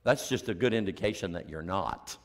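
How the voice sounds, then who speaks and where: With a low-pitched, animated, and brisk delivery, an American pastor preaches, shooting out rhetorical questions and lowering to a near-whisper for emphasis.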